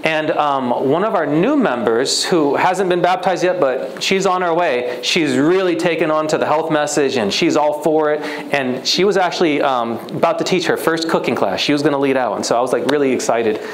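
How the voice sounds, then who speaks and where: A man's voice: a little high, normal speed, few pauses, roomy sound, slight background noise, low-quality recording. Man telling a story in a sermon. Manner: personal, conversational storytelling with acted-out dialogue. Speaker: guest speaker. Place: church retreat hall.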